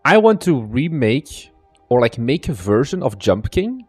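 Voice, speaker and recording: A man's voice: mid-range voice, sing-song, a little slow, a little mellow, husky, no room sound, faint music behind. A young man from Belgium with a strained, partly lost voice, chatting casually on a live stream as a game developer, greeting viewers by name and rambling.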